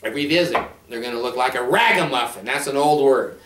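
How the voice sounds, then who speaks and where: A man's voice: medium pitch, fast, fairly bright tone. Blunt sardonic man, distant roomy mic. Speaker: counselor. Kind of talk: casual monologue to camera.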